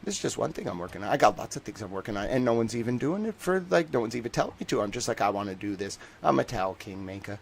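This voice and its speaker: Rambling, joking livestream host. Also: male voice, mid-range voice, animated, racing, gravelly, hardly any pauses, slight background noise. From northern United States. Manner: joking, rambling, laughs often. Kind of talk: casual livestream chat.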